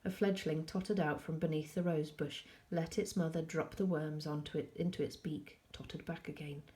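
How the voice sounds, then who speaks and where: A woman teacher reading a novel aloud to pupils, calm and measured, with soft asides. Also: sits low.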